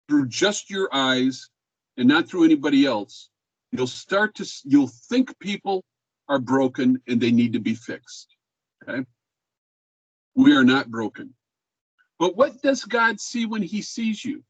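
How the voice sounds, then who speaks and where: A man's voice: a little high, animated, a little slow, no room sound, highs cut off. An older man teaching an online class, talking in a laid-back way and checking in with questions. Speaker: music professor.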